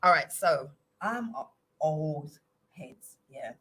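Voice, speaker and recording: A woman's voice: sits low, lively intonation, slow pace, fairly bright tone, slightly rough, poor audio. Chatty English woman guest, playful. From England. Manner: chatty, playful, slips into put-on accents. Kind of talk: casual chat.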